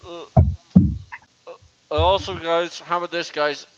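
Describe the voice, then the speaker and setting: A young man hosting a casual livestream, rambling and halting, with many fillers. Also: a little high, flat delivery, lo-fi sound, background noise. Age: young adult. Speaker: livestream host. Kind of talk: casual chat.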